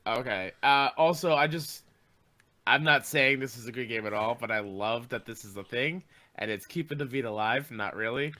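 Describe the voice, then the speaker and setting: A man co-hosting a podcast in casual banter. He is excitable and quick to protest jokingly. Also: mid-range voice. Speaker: podcast co-host.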